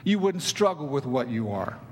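A man's voice: mid-range voice, very animated, moderate pace, in a large hall, slight background noise, voice pushed down, lightly acted. A man voicing a sly male tempter spirit who plants doubt with mocking, wheedling questions. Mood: needling.

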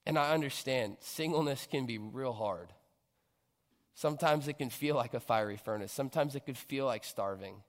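A man preaches a sermon from a church stage, his voice at an ordinary middle pitch. He speaks earnestly, pressing into emphatic bursts, and a long reverb trails each phrase through the hall. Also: normal speed.

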